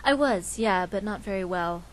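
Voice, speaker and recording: A young woman in her twenties, a student poet, answering interview questions in a soft, hesitant way with many restarts, then reading her own poem. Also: medium pitch, moderate pace, a little hiss or hum, rough recording. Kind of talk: casual interview and poetry reading.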